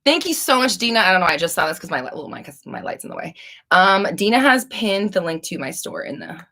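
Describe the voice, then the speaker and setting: A woman's voice: lowish voice, sing-song, fast, pushed and bright. A young woman hosting a live Q&A stream, rambling and casual with frequent restarts and swearing. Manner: rambling, profane, chatty with restarts. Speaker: livestream host.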